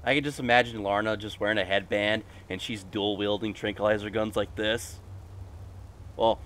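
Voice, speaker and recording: A man's voice: lowish voice, steady tone, normal speed, a bit bright, a little hiss or hum. Goofy, rambling male gaming streamer. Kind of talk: casual game commentary.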